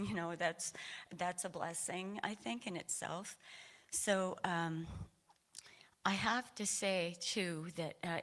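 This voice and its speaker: A woman's voice: mid-range voice, fairly bright tone. A woman from Maine telling a personal story at a church service, rambling with many fillers and restarts, laughing often and sounding a little emotional. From Maine, USA. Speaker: congregant sharing a personal story. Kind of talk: informal testimony at a church service. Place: church sanctuary.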